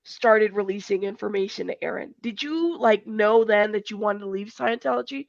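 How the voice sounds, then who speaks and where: A woman's voice: medium pitch, moderate pace, gravelly, no echo. A woman hosts a conversational interview, prompting her guest with curious questions and light laughter. Her voice comes through dull, lo-fi audio. The sound is dry, with no room around it. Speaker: host.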